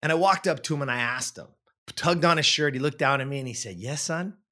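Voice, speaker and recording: A man in his forties telling a personal story in casual chat, animated, repeating words and acting out what people said. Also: medium pitch, quick pace.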